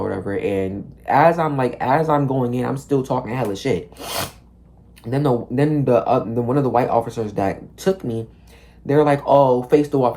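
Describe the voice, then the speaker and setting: A young man telling a storytime monologue in a rambling, animated way, packed with "like", profanity and slang, acting out the people in his story. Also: medium pitch. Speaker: vlogger.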